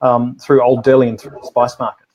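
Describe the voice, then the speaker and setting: A man's voice: mid-range voice, level tone, a little fast, a little mellow. A man co-hosting a casual live food show, talking in a rambling way full of restarts and fillers. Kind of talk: casual live-stream chat.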